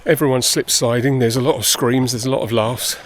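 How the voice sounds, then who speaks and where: A man's voice: medium pitch, steady tone, fairly quick, slight background noise. A man chatting casually and self-deprecatingly while hiking up a busy mountain path, slightly out of breath, filming on a handheld phone held close. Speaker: hiker vlogger. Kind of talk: casual vlog chat. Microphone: handheld phone camera held close.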